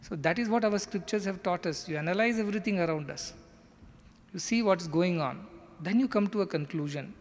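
A man's voice: a little high, long reverb tail. A man giving an earnest, explanatory spiritual discourse. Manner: earnest, explanatory, acts out quoted lines. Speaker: spiritual teacher.

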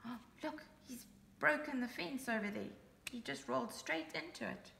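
A woman reading a picture book aloud to young children, with lively asides pointing things out on the page. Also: a little high, moderate pace, gravelly, roomy sound, a little hiss or hum. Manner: animated, chatty asides to young listeners. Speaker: storybook reader. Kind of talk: children's story read-aloud.

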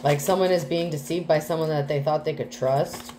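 A woman's voice: deep voice, steady tone, fairly quick, noisy background. A woman doing a casual tarot reading, chatty and full of fillers, with some casual swearing. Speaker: tarot reader.

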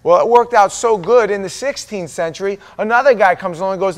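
An American man preaching a sermon as pastor, animated, quoting voices and dropping suddenly to quiet asides. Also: high-pitched, quick pace, few pauses.

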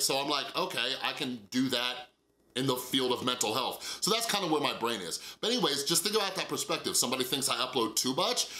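A man's voice: medium pitch, pushed and bright, reverberant. A man with a nasal voice talking casually and earnestly to camera in a mental health vlog, full of fillers and asides.

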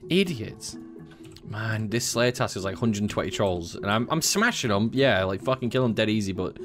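A young man hosting a gaming video, chatting casually with friends, excitable, swearing and laughing often. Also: lowish voice, moderate pace. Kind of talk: casual gameplay chat with friends. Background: game music.

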